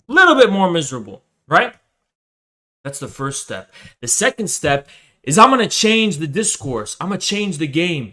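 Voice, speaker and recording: A man's voice: a little high, pushed and bright. A male streamer and host ranting on a live stream, profane, aggressive and confrontational.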